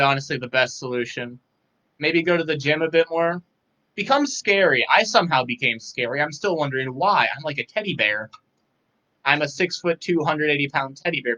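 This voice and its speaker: Young man, guest in a live chat; dry wit, soft delivery, bright and somewhat high voice, tired. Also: muffled recording. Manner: dry, self-deprecating humor, softly spoken. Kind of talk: casual live interview.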